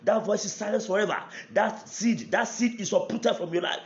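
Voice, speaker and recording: A Nigerian pastor leads a fervent prayer sermon, hammering the same declarations again and again as they build. His voice sits a little high for a man. The recording is dull and lo-fi, with a roomy echo. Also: moderate pace. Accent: Nigerian English. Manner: repeats declarations with rising intensity.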